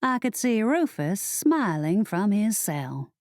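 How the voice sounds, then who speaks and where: A woman narrating a first-person audiobook in a steady, measured storytelling manner. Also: medium pitch, dry recording, clean studio sound.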